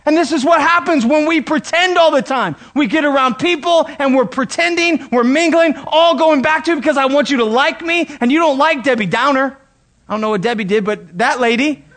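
High-voiced man preaching with energy. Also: fairly quick. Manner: animated preaching, acts out quoted voices. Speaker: pastor. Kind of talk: sermon.

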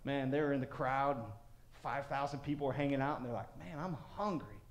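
A man preaching a sermon as pastor, animated and acting out voices of crowds and of God. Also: medium pitch, fast talker, roomy sound.

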